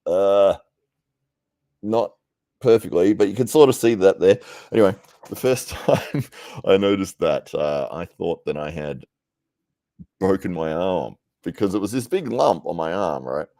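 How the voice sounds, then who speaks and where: Laughing, chatty deep-voiced man. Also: lively intonation, a little slow, long pauses, mellow, dry recording, studio quality. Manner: chatty, laughs often, self-deprecating. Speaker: livestream host. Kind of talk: casual live-stream chat reading comments.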